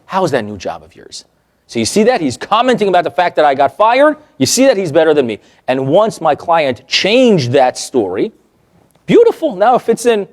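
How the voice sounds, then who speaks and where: A male therapist teaching a workshop, telling client stories in a lively way and checking in with the audience. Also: high-pitched, normal speed. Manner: animated, acts out quoted remarks, checks in with the audience.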